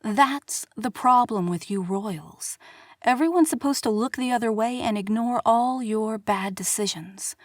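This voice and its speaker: A woman's voice: fairly high pitch, a little slow, no echo. A woman voicing a fiery young dance studio owner who speaks indignantly and accusingly, in an audiobook reading.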